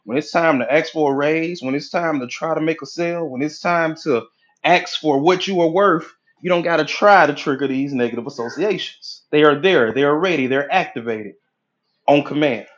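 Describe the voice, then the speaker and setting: A man coaching on mindset, lecturing at a whiteboard in an animated way and acting out inner voices with casual profanity. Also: fairly high pitch, normal speed, lo-fi sound. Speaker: hypnotherapy coach.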